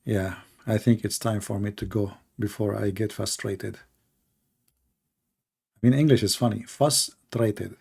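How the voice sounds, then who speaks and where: A man with a gravelly, creaky voice and a dark, mellow tone talks his way through a livestream. He rambles in casual commentary with lots of fillers. His asides turn sarcastic and mocking. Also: on the low side, fairly even intonation, a little slow, long pauses. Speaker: livestream host.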